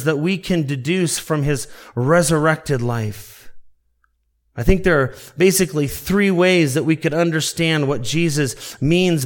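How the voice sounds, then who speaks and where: A man preaching a sermon as pastor, slow and deliberate, stretching out quoted verses for emphasis and calling his listeners beloved. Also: a little high.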